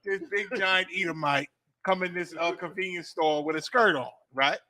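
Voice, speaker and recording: A man telling a story in a loud, laughing voice, acting out the people in it. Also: sits high, moderate pace. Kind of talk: animated storytelling banter.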